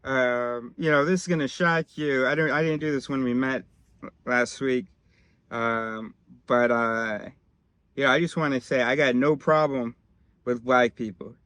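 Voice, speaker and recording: A cheerfully presumptuous white man talks to a new acquaintance as if they were old friends, in a chummy, halting way full of ums and you knows. A man acts him out in a satirical skit, in a voice close to his own. The sound is dry and close, with a middle pitch. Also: fairly even intonation, fairly bright tone, no room sound.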